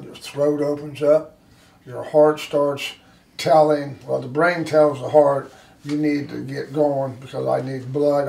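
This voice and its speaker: A gravelly man with a fairly high voice teaches a firearms class in a blunt, forceful way. He acts out scenarios for his students. He sounds far from the mic in an echoey room with a faint hiss. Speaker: firearms instructor. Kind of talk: classroom instruction.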